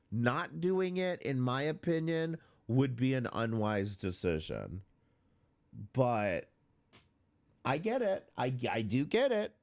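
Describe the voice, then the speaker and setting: A man's voice: medium pitch, a little mellow. A man hosting a reaction commentary show, blunt and mocking, swearing often. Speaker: commentary host.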